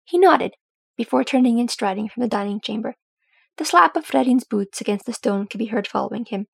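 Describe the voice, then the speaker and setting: A woman reading a fan story aloud in a steady storytelling manner. Her voice is husky with some gravel, and the recording is dry and close. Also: a little high, brisk, no room sound. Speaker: audiobook reader.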